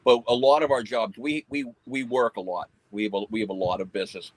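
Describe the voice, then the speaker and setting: A man's voice: fairly low pitch, fairly even intonation, brisk, no echo, poor audio. A man who owns a pest control company, explaining his dog-handling work in a plain, matter-of-fact way during an interview. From United States. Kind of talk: casual conversational interview.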